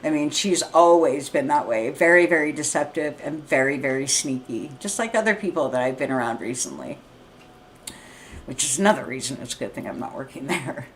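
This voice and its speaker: A middle-aged woman ranting to camera in a blunt, profane, heated way, often clearing her throat. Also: low-pitched, lively intonation, a little fast, a little hiss or hum. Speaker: vlogger. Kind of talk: unscripted rant to camera. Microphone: streaming setup mic.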